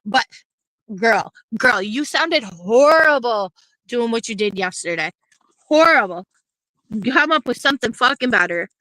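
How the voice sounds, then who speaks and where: Woman streamer, angry profane rant, sharp high voice, dry close sound. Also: expressive, a little slow, no room sound, rough recording. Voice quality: profane, repetitive, confrontational. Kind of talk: heated ranting commentary.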